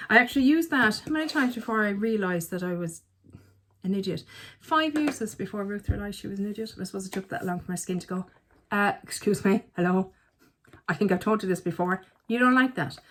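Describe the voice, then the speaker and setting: A woman's voice: medium pitch, a bit bright, a little hiss or hum. A woman, chatting casually as a beauty vlogger, full of self-mocking asides. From Ireland. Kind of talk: casual chat.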